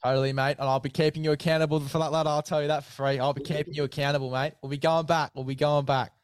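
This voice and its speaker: A man's voice: on the high side, little pitch movement, fast, clean tone, dry recording. A man hosting a casual sports podcast, chatting matey about bets and plugging a sponsor. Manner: matey, hypes bets and sponsor with filler "mate". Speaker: podcast host.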